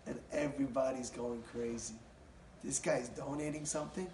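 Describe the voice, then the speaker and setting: A man tells a story in a lively talk and acts out each of the people in it. His voice sits fairly high and sounds roomy. He is picked up from a distance, over a faint ambient hum. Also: a little fast.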